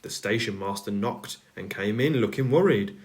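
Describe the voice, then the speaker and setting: A man reading a children's storybook aloud, calm and measured. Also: on the low side. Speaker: narrator.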